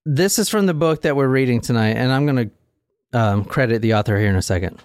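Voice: mid-range voice, lively intonation, fast talker, darkish tone, no room sound, clean studio sound. A podcast host telling a crime story casually and with jokes, acting out the quotes. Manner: joking storyteller who acts out quotes. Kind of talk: casual comedy true-crime chat.

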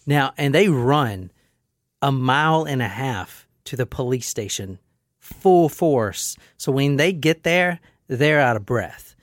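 A man's voice: mid-range voice, lively intonation, dry recording. Male host, crude comedic storyteller, close dry recording. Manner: crude joking, quick narrating. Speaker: podcast host. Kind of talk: casual comedic chat, reading a case.

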